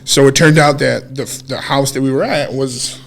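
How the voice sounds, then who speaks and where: A man co-hosting a podcast, casually telling a story in an animated way, swearing freely and acting out what people said. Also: medium pitch, moderate pace, vocal fry. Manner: animated, swears freely, acts out quoted dialogue. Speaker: podcast co-host.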